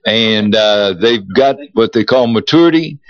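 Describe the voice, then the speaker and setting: A man's voice: fairly low pitch, a crowd in the background. An older man, telling stories in a folksy, drawling way as co-host of a casual radio chat. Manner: slow, drawling storyteller with a folksy turn of phrase. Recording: muffled, lo-fi radio recording.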